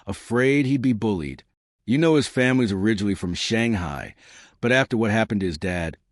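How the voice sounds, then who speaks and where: A man's voice: lowish voice, dry recording, clean studio sound, close to an everyday voice. A man voicing a flustered, clingy young woman who rambles and pleads defensively.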